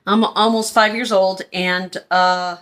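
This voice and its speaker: A woman from Pennsylvania telling a personal story in a casual, animated vlog style. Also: medium pitch, takes it slowly. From Pennsylvania, USA. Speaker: vlogger.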